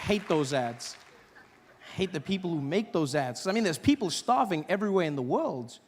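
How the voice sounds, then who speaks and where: A man from Africa doing stand-up comedy, animated and mocking as he builds to each punchline. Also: fairly high pitch, moderate pace, some chatter behind. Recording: live hall with audience.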